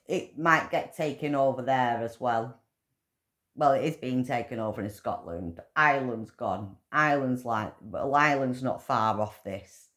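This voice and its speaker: Swearing woman ranting in an echoey room. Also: very deep voice. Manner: heavy swearing, rambling, grows loud and heated. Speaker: vlogger. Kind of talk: ranting monologue to camera.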